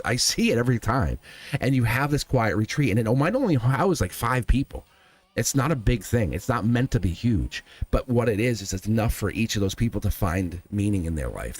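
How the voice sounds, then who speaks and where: A man's voice: on the low side, darkish tone. A man giving a live tarot reading, speaking earnestly and emphatically straight to the viewer. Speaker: tarot reader.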